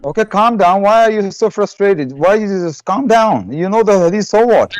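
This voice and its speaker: A man calling in to a live debate, insisting on his reading and telling others to calm down. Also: high voice, normal speed, no room sound, poor audio. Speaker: debate caller.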